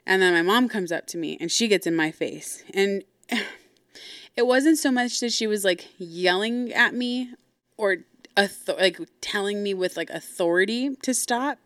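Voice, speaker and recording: This is a woman telling a story on her podcast in a blunt, heated way. She swears freely and slips into the voices of the people she quotes without changing her own sound much. Her voice sits at an ordinary middle pitch, and the recording is dry and close. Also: a little slow, fairly bright tone, no room sound. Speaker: podcast host. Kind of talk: casual storytelling.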